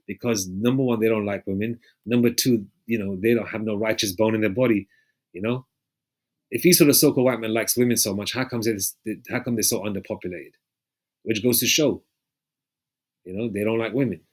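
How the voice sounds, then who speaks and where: A man preaching in a loose, rambling way, often pausing to check in with his listeners and swearing freely. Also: lowish voice, fairly even intonation. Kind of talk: casual street-style preaching with scripture readings.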